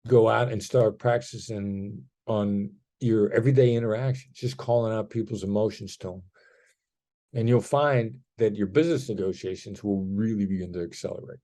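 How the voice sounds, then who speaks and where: This middle-aged man, a guest negotiation expert on a podcast, talks at a moderate pace in a fairly low, steady, dark-toned voice. He explains concepts in a conversational way and demonstrates different tones of voice within his examples.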